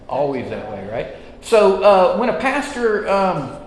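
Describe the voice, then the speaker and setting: A man's voice: high-pitched, wildly swooping pitch, slow, slight background noise. A man teaching a Sunday school class, chatty and self-deprecating, opening with jokes. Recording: echoey hall with reverb.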